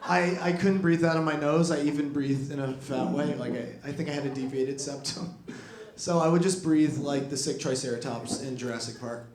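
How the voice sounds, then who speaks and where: A man's voice: on the high side, steady tone, moderate pace, darkish tone. A young man doing a stand-up set in a comedy club, rambling and self-deprecating with lots of fillers. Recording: roomy club with crowd laughter.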